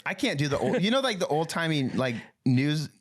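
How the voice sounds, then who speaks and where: A man's voice: fairly high pitch, very animated, fairly quick. A man hosting a casual chat, easygoing and chatty, full of fillers as he asks questions. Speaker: host.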